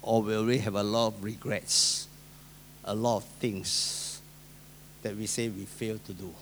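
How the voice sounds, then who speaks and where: A male pastor with a Singaporean English accent preaching a sermon, swinging between loud emphasis and soft asides, acting out the voices of people he quotes. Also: lowish voice, flat delivery, unhurried, a little hiss or hum.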